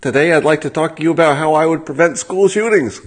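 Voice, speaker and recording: A man's voice: a little high, quick pace, voice pushed up, close to an everyday voice. A man putting on the voice of a snide, sarcastic male internet critic who speaks in a mock-cheerful way.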